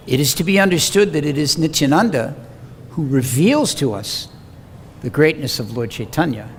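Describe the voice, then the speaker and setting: A man preaches and tells a scripture story with animated, dramatic delivery, slipping into the voices of the people he quotes. His voice sits high for a man. The talk rings through a hall with a long reverb and a faint hum underneath. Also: measured pace, pauses often.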